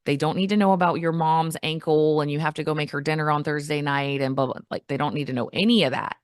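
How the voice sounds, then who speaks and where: A woman, a coach and podcast guest, talking in a casual interview and acting out quoted replies in a brighter voice. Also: fast, clear, resonant tone, dry recording, clean studio sound. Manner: animated, acts out quoted replies in a higher voice.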